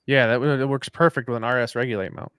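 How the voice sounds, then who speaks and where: A man's voice: medium pitch, steady tone, fast talker, fairly bright tone, smooth, no echo, studio quality. A man co-hosting a live podcast, chatting loosely and rambling, swearing casually. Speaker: podcast co-host. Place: at home after dinner.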